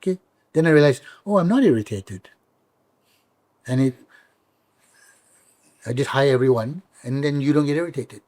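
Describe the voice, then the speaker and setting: A middle-aged man with a Malaysian English accent, chatting as a comedian guest in an interview, telling stories lively and acting out the voices of people he quotes. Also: mid-range voice, moderate pace, pauses often, no echo. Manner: animated storyteller, acts out quoted voices. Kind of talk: casual interview chat.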